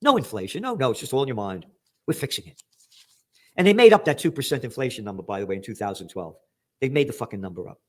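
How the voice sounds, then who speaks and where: A man forecasting trends in an angry, profane, sarcastic rant, reading news headlines and jumping between shouted outbursts and low muttered asides. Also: very animated, fast talker. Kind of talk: ranting news commentary.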